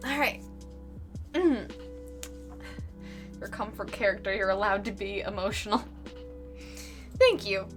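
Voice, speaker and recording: A woman's voice: medium pitch, bright, forceful tone. A woman artist chatting casually with her viewers on a live stream, effusive and giggly, laughing often. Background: faint background music.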